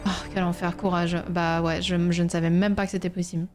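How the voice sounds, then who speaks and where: A man's voice: sits high, flat delivery, fast talker, faint music behind. A man casually commenting on a live stream, chatty and exclaiming, with game trailer audio behind him. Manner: chatty, exclaiming, many restarts. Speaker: streamer reacting to a game showcase. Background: game trailer audio playing.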